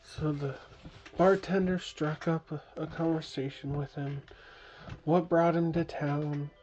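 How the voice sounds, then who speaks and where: A woman's voice: low-pitched, steady tone, a little slow, mellow. A woman telling a playful bedtime story, making sound effects and asking her listener questions. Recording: dull lo-fi recording.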